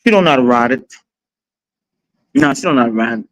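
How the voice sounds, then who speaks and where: A woman's voice: extremely low pitch, expressive, quick pace, poor audio. A woman in her forties hosting a livestream, chatting casually with blunt, profane, dramatic storytelling. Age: 40s. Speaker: livestream host.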